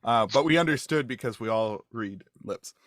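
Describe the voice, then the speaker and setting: A man running a tabletop game as game master over a video call, talking haltingly with many fillers and restarts. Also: mid-range voice, fairly bright tone, no room sound, studio quality.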